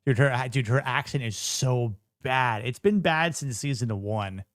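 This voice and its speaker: A man reviewing a show in loose, joking reaction commentary, blunt and quick to swear. His voice is mid-pitched and the sound is dry and close, with no room in it. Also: a bit bright, no echo.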